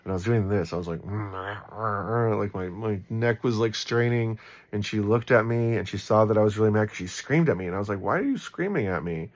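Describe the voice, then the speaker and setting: A man giving casual Bible commentary in a relaxed, rambling way, full of ums and likes, with a warm, encouraging tone. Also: fairly low pitch, moderate pace.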